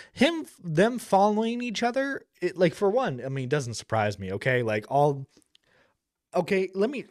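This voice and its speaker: Rambling, animated male streamer. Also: fairly high pitch, no echo, clean studio sound. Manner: rambling, lots of fillers, blunt and profane. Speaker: streamer reacting to a video. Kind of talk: casual commentary.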